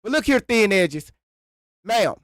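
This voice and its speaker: A man hosting a live reaction stream, chatting casually, stammering and repeating words, and swinging from low mutters to loud exclamations. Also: big pitch swings, takes it slowly, dry recording, clean studio sound.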